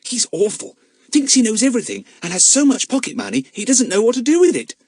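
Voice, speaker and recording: A man reading an audiobook, voicing a schoolboy who speaks in a low, confiding way. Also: expressive, fast, gravelly, darkish tone, slight background noise, heavily acted. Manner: confiding, disapproving.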